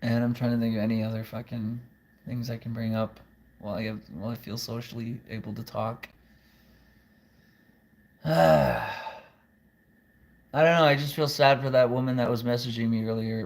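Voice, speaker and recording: Man vlogging from home; loose, profane, rambling delivery. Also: mid-range voice. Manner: rambling, profane, frequent restarts. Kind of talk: casual rambling monologue.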